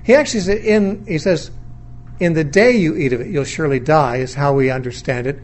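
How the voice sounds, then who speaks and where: A man's voice: on the high side, a little fast. A middle-aged man teaching a Bible lesson in a sermon lecture, reasoning aloud in a thoughtful, questioning way, often restarting his sentences. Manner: questioning, weighing views, undogmatic.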